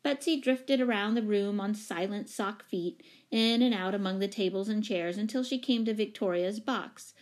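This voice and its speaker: A woman narrating a children's storybook with a lively, expressive reading. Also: mid-range voice, normal speed, hardly any pauses. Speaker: audiobook narrator.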